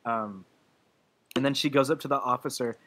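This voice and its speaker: A young man with a bright, forceful voice talks casually on a movie podcast. He is earnest and gushing, full of ums and restarts as he recalls favourite scenes, at a mid pitch. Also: normal speed, a little hiss or hum. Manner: earnest, gushing, with frequent fillers. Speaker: podcast co-host. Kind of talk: casual movie review chat.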